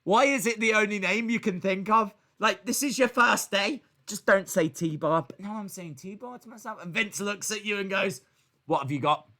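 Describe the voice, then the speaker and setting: A young man riffing on a live watch-along stream, his voice sitting high and sounding bright and forward. He jokes around constantly, slipping into mock dialogue and bursting into shouts before dropping back to a mutter. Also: normal speed, hardly any pauses. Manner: animated, jokey, acts out little scenes with shouted bits. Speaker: wrestling reaction streamer.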